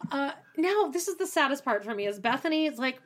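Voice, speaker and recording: A woman co-hosting a podcast in casual chat, animated and laughing often, acting out quotes in exaggerated voices and swearing freely. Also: high voice, a little fast. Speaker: podcast co-host.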